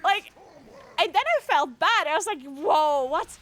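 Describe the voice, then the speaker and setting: Very high-voiced giggly woman streamer. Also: animated, normal speed, pushed and bright. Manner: giggly, breaks into frequent laughter; swears casually, talks in loose restarts. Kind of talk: casual livestream chat.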